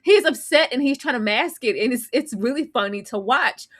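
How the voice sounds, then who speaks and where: Woman, high pitch, very lively, casual recap chat, acts out quotes. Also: fairly quick. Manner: animated, acts out quotes with laughter. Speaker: guest co-host.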